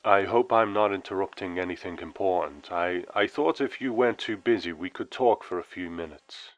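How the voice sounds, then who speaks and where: The warm, solemn voice of a departed male friend on the phone, read by a man. It is deep and dry, wry in tone. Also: moderate pace, dry recording, close to an everyday voice, poor audio. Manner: solemn, wry, with sudden brightening.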